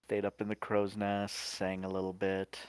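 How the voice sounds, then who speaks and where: A man playing a tabletop game, describing his character's actions in a relaxed way. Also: lowish voice, moderate pace, smooth, no echo. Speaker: player.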